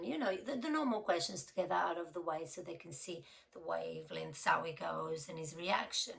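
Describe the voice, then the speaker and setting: A woman's voice: on the low side, sing-song, moderate pace, gravelly, few pauses, a bit bright, recorded from a distance, low-quality recording. A woman casually telling a true crime story in a chatty, emotional way, retelling what people said.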